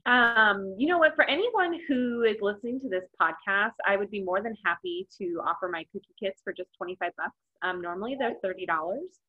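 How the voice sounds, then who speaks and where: A woman's voice: medium pitch, fairly quick, hardly any pauses, phone-quality sound. A woman in her thirties, a baker from Arizona, chatting casually as a podcast guest and laughing easily.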